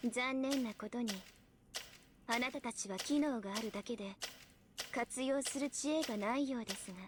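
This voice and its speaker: A woman's voice: a little high, fast, very noisy, close to an everyday voice. An actress playing a cold, mocking female AI in a game, polite but condescending. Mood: coolly mocking. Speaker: game character voice. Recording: game voice over loud music.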